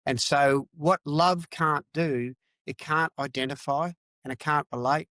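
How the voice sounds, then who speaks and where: A man's voice: a little high, a little slow, bright, forceful tone, no room sound. Middle-aged aussie-born guy, blunt and emphatic, keeps repeating himself, dry close sound. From Australia. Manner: emphatic, repeats phrases, swears. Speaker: podcast guest. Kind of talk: candid interview talk.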